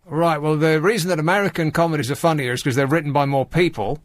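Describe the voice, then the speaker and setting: A man's voice: a little high, steady tone, fast talker, no echo. A man hosting a late-night radio phone-in, talking in a wry, rambling, teasing way into a studio microphone.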